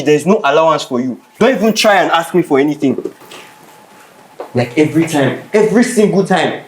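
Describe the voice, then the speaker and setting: An exasperated scolding boyfriend. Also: male voice, high-pitched, roomy sound, slight background noise, low-quality recording. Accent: Nigerian. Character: exasperated young man who pays the bills. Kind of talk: film drama acting.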